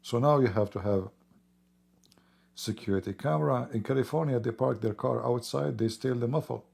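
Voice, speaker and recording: A hoarse man who is losing his voice talks in a rambling, emphatic way during a casual livestream, clearing his throat often. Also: medium pitch, normal speed, a little mellow. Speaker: livestream host.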